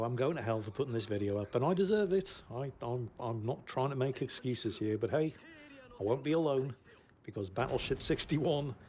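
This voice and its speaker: A man's voice: medium pitch, darkish tone, slight background noise. Giggly man commentating a game. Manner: giggly, laughs often through his commentary. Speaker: gameplay commentator.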